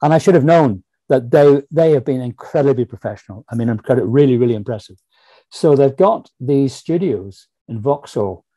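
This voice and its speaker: A Northern Irish man talks as a guest on a podcast interview. He tells stories at a quick, animated clip and slips into other people's voices when he quotes them. His tone is dark and mellow, and the recording is dry and close, with no room around it. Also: mid-range voice, breathy edge, no room sound. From Northern Ireland. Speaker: guest author. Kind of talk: casual interview chat.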